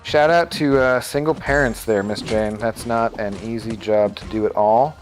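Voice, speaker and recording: A man's voice: mid-range voice, steady tone, moderate pace, faint music behind. Rambling man chatting on a live stream. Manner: rambling, chatty, reads and answers viewer messages. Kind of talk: casual live-stream chat.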